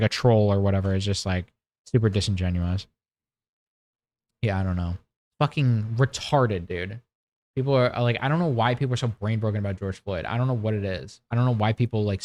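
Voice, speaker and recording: A man's voice: medium pitch, no room sound. Young male streamer, casual profane rant, lots of ums and restarts, dry close sound. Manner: profane, rambling, full of fillers and restarts. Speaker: livestream host. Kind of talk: casual political rant on a livestream.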